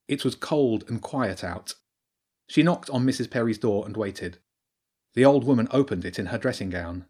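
A man narrating an audiobook in a calm, even storytelling manner. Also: medium pitch.

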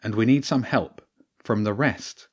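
Male narrator doing a brave, commanding young girl, high and urgent. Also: measured pace, a little mellow, husky. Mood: determined. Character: brave young girl, quick-thinking and bossy.

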